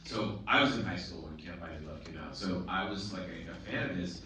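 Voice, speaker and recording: Animated man telling stories in an echoey theater. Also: deep voice, brisk. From Boston. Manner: animated, swears freely, restarts sentences, laughs often. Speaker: filmmaker in a post-screening Q&A. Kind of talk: casual storytelling to an audience. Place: theater, full house. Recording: echoey theater taped from far off with background noise.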